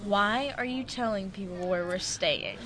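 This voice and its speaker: A woman's voice: mid-range voice, unhurried, pushed and bright. A woman co-hosting a podcast in casual chat, teasing and laughing as she bickers. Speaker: podcast co-host. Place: busy indoor public space with dogs. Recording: crowd chatter behind. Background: crowd murmur.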